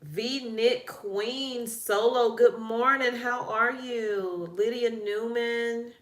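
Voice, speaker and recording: A woman's voice: fairly high pitch, fairly even intonation, takes it slowly, roomy sound. A woman with a Southern country accent, hosting a casual live-stream and chatting with viewers as she greets them one by one. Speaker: livestream host.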